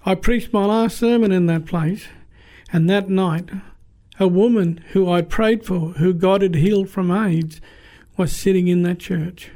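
High-voiced impassioned preacher man. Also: steady tone, unhurried, dark tone. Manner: impassioned, storytelling preacher who repeats phrases for emphasis. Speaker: pastor. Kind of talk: sermon.

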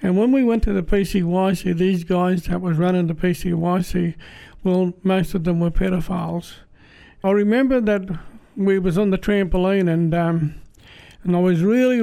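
An Australian man giving a personal church testimony in a plain-spoken, halting, earnest way. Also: sits high, gravelly, mellow.

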